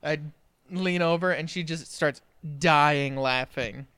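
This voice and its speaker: A young man co-hosting a casual podcast, telling a childhood story with lively acted-out quotes and laughter. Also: on the high side, slow, clear, resonant tone, dry recording. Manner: animated storyteller, acts out quoted family voices and laughs through his story. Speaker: podcast co-host.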